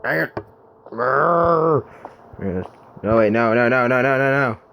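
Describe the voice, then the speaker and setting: A man's voice: mid-range voice, slow pace, creaky, lo-fi sound, slight background noise. A man playing a video game, casually commenting and muttering self-deprecating remarks to himself. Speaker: let's play gamer. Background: game music.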